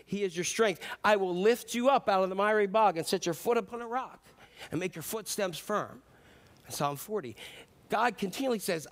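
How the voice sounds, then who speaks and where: A middle-aged man preaching a sermon earnestly, swinging between loud emphatic bursts and soft, slow passages. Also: sits high. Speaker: pastor.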